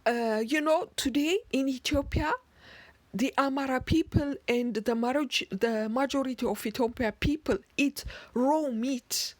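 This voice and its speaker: A woman slowly explaining word origins in a lecture, deliberate, with occasional restarts. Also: high voice, darkish tone, no echo. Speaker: narrator.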